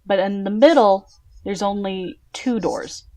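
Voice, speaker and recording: A woman's voice: medium pitch, unhurried, warm tone. A woman running a tabletop game as game master, narrating scenes in a casual, descriptive way with many fillers.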